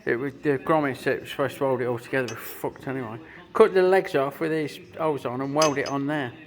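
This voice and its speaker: A man's voice: mid-range voice, quick pace. A man in his fifties, a custom motorcycle builder, giving rambling workshop build commentary and swearing freely as he works.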